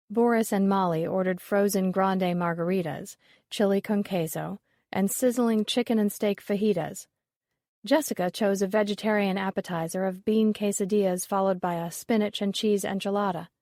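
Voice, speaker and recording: A woman narrates a mystery novel in a steady, even, measured read. Her voice sits at an ordinary middle pitch. The close mic gives a dry sound with no room around it. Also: no room sound. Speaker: audiobook narrator. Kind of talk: scripted narration.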